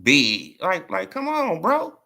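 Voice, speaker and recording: A man's voice: high voice, huge pitch swings, slow pace, bright, forceful tone. A man ranting casually about boxing as a vlog host, mocking and repetitive, often asking "right?" and "you feel what I'm saying". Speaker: boxing commentator vlogger. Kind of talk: casual opinion rant.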